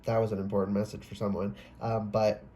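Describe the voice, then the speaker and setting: A man's voice: lowish voice, flat delivery, fairly quick, warm tone. A man giving a casual, rambling tarot reading, often breaking off mid-sentence, swearing and exclaiming. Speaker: tarot reader.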